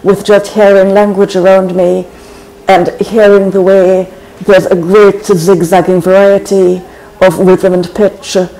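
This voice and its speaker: A speaker in their forties from Trinidad, answers interview questions slowly and thoughtfully. The voice stays flat and even. Its tone is soft and dark, with frequent thinking pauses. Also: medium pitch, rough recording. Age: 40s. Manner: thoughtful and measured, frequent hesitations. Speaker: guest poet. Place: college.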